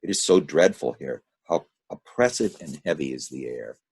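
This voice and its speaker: A man's voice: a bass voice, animated, moderate pace, vocal fry, darkish tone, husky, exaggerated voice. A man reading the lines of a frightened male traveler in the underworld, in an anxious, questioning manner.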